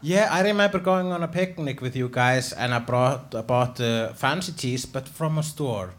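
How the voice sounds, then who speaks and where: A man's voice: medium pitch, normal speed. A man co-hosting a live comedy podcast, trading dry teasing quips on stage. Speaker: podcast co-host.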